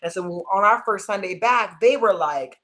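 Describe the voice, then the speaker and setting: A woman who pastors a church talks in a lively, casual way, with quick asides to the viewers. Her pitch sits mid-range, and she often says "like" as she goes. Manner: animated, uses "like" often, speaks to viewers directly. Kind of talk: casual chat.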